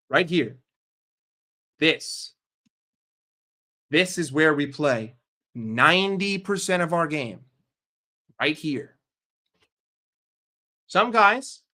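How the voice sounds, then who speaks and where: Male fan-channel host, fairly high voice, sweary and sarcastic. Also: bright, forceful tone. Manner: heated, profane, sarcastic ranting. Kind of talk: casual ranting commentary.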